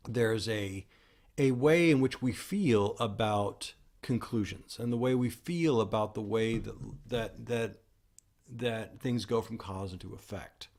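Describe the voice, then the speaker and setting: A man with a lowish voice and vocal fry hosts a solo podcast, explaining ideas in a rambling way. He frequently restarts and corrects himself mid-sentence.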